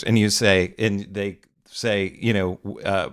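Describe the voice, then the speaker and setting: A man hosting a reaction video, mocking his opponents' arguments in quick paraphrased bursts. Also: lowish voice, steady tone, a bit bright, smooth. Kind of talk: commentary over clips.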